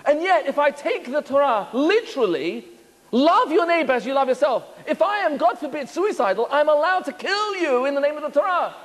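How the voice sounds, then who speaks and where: A man's voice: very high-pitched, brisk, in a large hall. A man, a rabbi, giving a lecture on Torah and acting out the voices he quotes. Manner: animated, acts out quoted voices.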